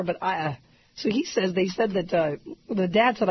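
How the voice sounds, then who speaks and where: A woman radio talk show host, hoarse from a cough, chatting and joking with frequent laughter. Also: medium pitch, normal speed, a little hiss or hum. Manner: laughs a lot, jokey, chatty. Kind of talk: casual comedic talk radio banter. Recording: dull radio broadcast audio.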